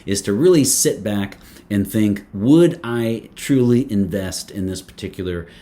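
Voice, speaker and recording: A man talks to his camera in a loose, joking way as he reviews a fragrance. His voice sits a little low, and he fills his sentences with fillers, restarts and playful asides. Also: unhurried, warm tone. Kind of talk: casual talk to camera.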